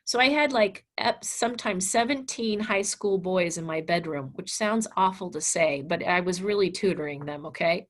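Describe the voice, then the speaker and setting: Blunt, animated woman teacher telling a story. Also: on the low side, normal speed, hardly any pauses. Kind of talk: storytelling lecture.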